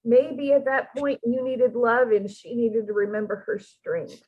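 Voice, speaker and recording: A woman speaking in a gentle, earnest way as she gives spiritual counseling in a channeling session. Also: on the high side, fairly even intonation, unhurried, breathy edge, muffled recording. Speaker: channeling medium.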